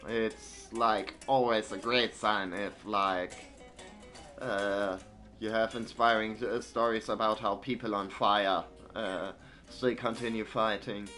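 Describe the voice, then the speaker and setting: A man's voice: lowish voice, fairly even intonation, takes it slowly, sharp tone, faint music behind. A man streaming a game who reads its newspaper clippings aloud, then drops into hesitant, filler-heavy asides with dry, wry remarks. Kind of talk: reading game text aloud and commenting on it.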